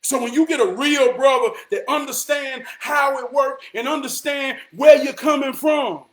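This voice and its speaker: High-pitched male vlogger, emphatic street-talk motivator who drops from shouting to near-whisper. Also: fairly even intonation, normal speed. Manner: emphatic and preachy, swinging from shouts to hushed tones; repeats lines for emphasis, street slang.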